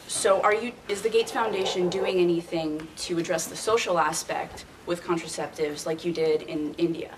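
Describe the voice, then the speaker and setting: A woman's voice: fairly low pitch, steady tone, moderate pace, few pauses. A woman in the audience asking a hesitant question, full of fillers. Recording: distant, noisy audience mic.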